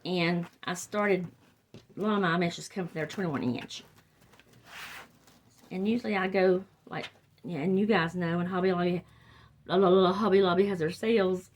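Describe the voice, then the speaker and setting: Older southern lady, chatty and rambly, crafting tutorial talk, lowish voice. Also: fairly even intonation, normal speed, pauses often, a little hiss or hum. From the Carolinas, US. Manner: chatty, rambling, trails off and restarts. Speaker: wreath crafter. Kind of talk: casual crafting tutorial chat.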